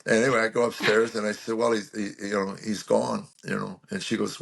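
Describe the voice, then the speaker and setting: A man in his sixties, a comedian guest telling stories in an interview, animated and acting out quotes. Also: fairly low pitch, brisk, vocal fry. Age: 60s. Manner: animated storyteller, acts out quotes. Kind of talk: storytelling interview chat.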